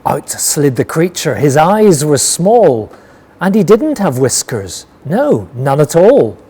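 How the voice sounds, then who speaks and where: A man reading a rhyming picture book aloud with a rhythmic, expressive delivery. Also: a little high, slow pace, slightly rough. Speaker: storyteller.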